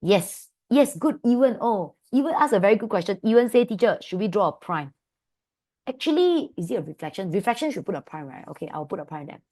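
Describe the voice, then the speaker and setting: A woman with a Malaysian English accent teaching an online maths class, calling her students "my dear" and asking them quick questions. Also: medium pitch. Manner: affectionate, calls students "my dear"; lively, asks many quick questions. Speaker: maths tutor.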